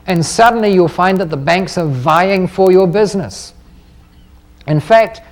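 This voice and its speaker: A man's voice: high-pitched, brisk. A middle-aged man speaking at a live seminar, bold and persuasive, putting many rhetorical questions to the room. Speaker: seminar speaker on property investing. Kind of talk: live seminar talk to an audience.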